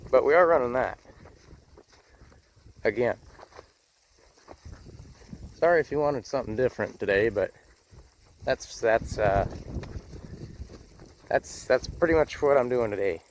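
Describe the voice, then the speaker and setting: A man's voice: medium pitch, expressive, unhurried, pauses often, a little hiss or hum. A man out of breath, talking casually to his viewers as he starts a farm workday, self-mocking and rambling. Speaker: farmer vlogger. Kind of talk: casual vlog narration while working. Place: outdoors on a farm, in and around a tractor.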